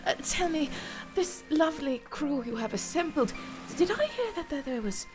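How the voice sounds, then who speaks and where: A woman's voice: high-pitched, very animated, normal speed, over music, pitched above the performer's own voice. A woman voicing a theatrical female necromancer who plays the weeping damsel, melodramatic and flirtatious. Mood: coy.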